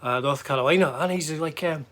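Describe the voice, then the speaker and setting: Brisk and a bit bright, with a slightly high pitch, this middle-aged man from Scotland speaks with a Scottish accent. The guitar vlogger rambles casually about his travels, full of fillers and false starts.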